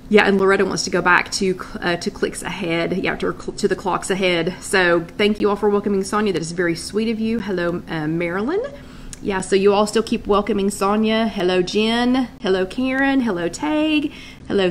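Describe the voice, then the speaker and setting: A woman's voice: medium pitch, slight background noise. Chatty woman hosting a livestream. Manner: chatty, greets viewers by name, thinks aloud. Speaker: host of a live wellness chat. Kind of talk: casual livestream chat reading comments. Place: her loft at home.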